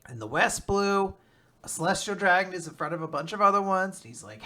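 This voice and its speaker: Excitable bright-voiced man recapping manga. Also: high-pitched, normal speed. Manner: excitable, laughs often, swears, jumps into voices for characters. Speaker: podcast co-host recapping manga. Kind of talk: casual chat, animated retelling with quick voiced quotes.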